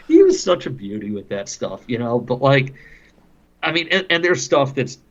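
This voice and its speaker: A man's voice: medium pitch, animated, normal speed, fairly bright tone, highs cut off. A man, a hockey broadcaster on a podcast, telling casual stories and laughing often as he talks. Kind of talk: casual storytelling.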